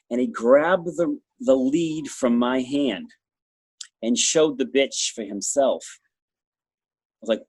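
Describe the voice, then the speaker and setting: Blunt New England man, husky voice. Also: medium pitch, a little mellow, no echo. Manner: blunt, talks fast in bursts, trails off. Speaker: dog show judge. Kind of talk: interview answer, candid anecdotes.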